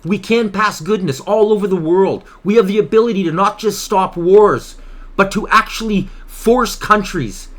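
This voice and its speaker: Hosting his own political vlog, a man from Canada talks at a normal speed in a high, fairly bright voice. He sounds emotional and agitated, speaking with passion and going over the same points again.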